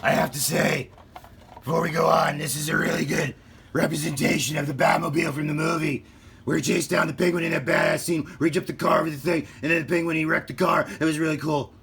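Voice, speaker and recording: A man growling as Batman, gravelly and loud. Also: a little high, level tone, fast talker, voice pushed up. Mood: excited. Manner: over-the-top growl while showing off a toy car. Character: gruff brooding male superhero vigilante, boastful. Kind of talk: comic impression in a hobby video.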